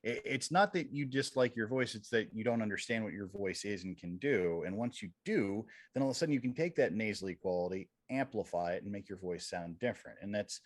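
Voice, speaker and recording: A man's voice: on the low side, brisk, hardly any pauses, no room sound, clean studio sound. A man voice coach giving frank, emphatic advice about posture and breath. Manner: frank, emphatic, agrees often. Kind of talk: casual coaching chat.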